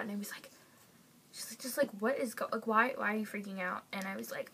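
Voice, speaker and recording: A young woman telling a story to the camera at home, excited and gushing, with lots of fillers. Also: fairly high pitch, fairly quick, slight background noise. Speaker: vlogger.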